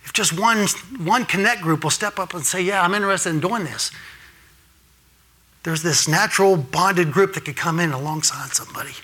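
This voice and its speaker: Bright-voiced man preaching a sermon. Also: moderate pace, slightly rough. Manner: earnest and direct, rising to emphatic high peaks; addresses the congregation with frequent "all right?" and "right?". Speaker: guest preacher. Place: church sanctuary.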